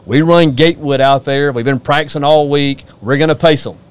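A man's voice: on the high side, fairly even intonation, brisk, clear, resonant tone. A man hosting a casual sports talk show, folksy and opinionated, ribbing his guests.

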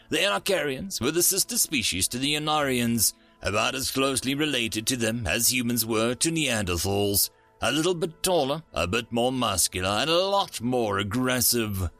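A man narrating a science fiction story in a lively storytelling way. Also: medium pitch.

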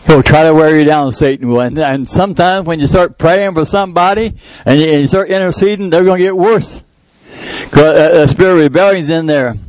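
A man's voice: on the high side, a little mellow, dry recording, rough recording. A middle-aged male pastor preaching a sermon in a conversational way that rises into emphatic prayer. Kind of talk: sermon with live demonstration.

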